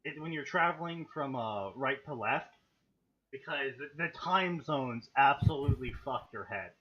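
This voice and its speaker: A man's voice: mid-range voice, expressive, normal speed, a bit bright, breathy edge, muffled recording. A man co-hosting a comedy stream, reading fanfiction aloud in a mock-dramatic way and reading the punctuation out.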